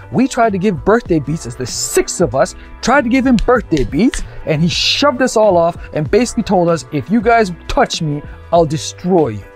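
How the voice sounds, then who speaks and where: Animated male storyteller from Canada. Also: high-pitched. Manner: animated, acts out the people in his stories. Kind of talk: comic storytelling monologue.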